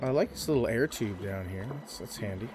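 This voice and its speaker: A man's voice: on the low side, expressive, brisk, very noisy. A man from the United States with an American accent, joking around as a guest co-player in casual gameplay chat. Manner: easygoing, joking banter.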